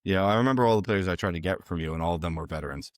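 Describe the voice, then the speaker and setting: A man's voice: sits low, no room sound, studio quality. A man co-hosting a casual podcast chat, teasing his friends, with lots of fillers. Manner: teasing, halting with many fillers. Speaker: podcast co-host.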